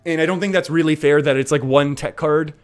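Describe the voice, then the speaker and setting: A man's voice: fairly high pitch, fairly even intonation, fairly quick. A man live-streaming a card game, talking through his plays in a chatty way and often laughing.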